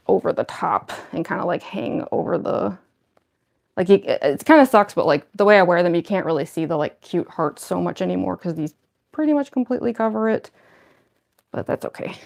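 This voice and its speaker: A woman's voice: fairly low pitch, animated, normal speed, gravelly, pauses often, darkish tone. A young woman cosplayer chatting casually on a livestream while getting into costume, rambling with lots of fillers and a slight lisp from costume fangs. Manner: rambling, filler-heavy, self-deprecating.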